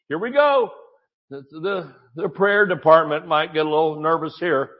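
A man preaching a sermon with exuberant energy, swinging from shouts to quiet asides. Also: fairly high pitch, animated, moderate pace, dull audio.

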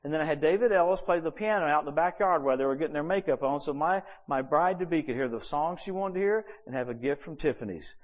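A pastor preaches to his congregation, telling his stories in an animated way. His voice sits fairly high for a man, and it swings up and down in pitch and loudness. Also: quick pace, few pauses, muffled recording. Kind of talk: sermon.

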